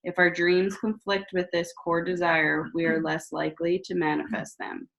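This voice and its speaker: A woman in her thirties hosting a casual astrology talk, chatty and animated, swearing freely as she tells stories. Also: lowish voice, normal speed, creaky, rough recording. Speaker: spiritual host.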